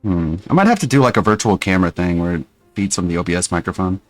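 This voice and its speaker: A man's voice: sits low, expressive, fast talker, no room sound, faint music behind. A man casually muttering to himself while fiddling with audio settings on a stream.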